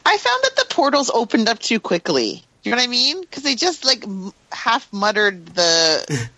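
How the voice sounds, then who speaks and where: A woman's voice: on the high side, big pitch swings, normal speed, sharp tone, no room sound, low-quality recording. A woman co-hosting a podcast in casual discussion, hesitant with many fillers and restarts. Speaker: podcast co-host.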